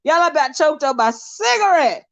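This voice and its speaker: A woman's voice: sits high, animated, normal speed, a bit bright, dry recording. A woman hosting a casual live stream, laughing often, teasing her chat and getting sidetracked as she reads comments. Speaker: livestream host.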